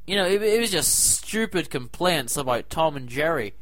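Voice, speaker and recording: A man with a high, bright, sharp-edged voice rants with comic disbelief as host of his own segment. His voice is recorded dry and close, with no room sound around it. He keeps bursting into loud, incredulous protests. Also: lively intonation, normal speed, hardly any pauses, no echo. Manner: exasperated, incredulous ranting with sudden loud outbursts. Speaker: comedy show host. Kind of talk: comic rant to camera.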